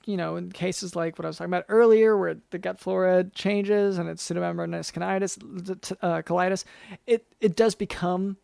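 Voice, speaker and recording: A man's voice: sits high, vocal fry, darkish tone, no echo, clean studio sound. A man hosting a comedy podcast as a doctor, hesitant and stammering.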